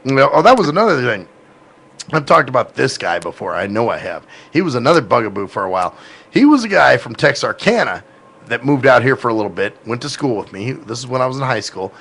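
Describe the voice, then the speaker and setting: Male podcast host, gravelly, rambling and profane, casual tone. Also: mid-range voice, sing-song, fast, a bit bright. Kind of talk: casual chat.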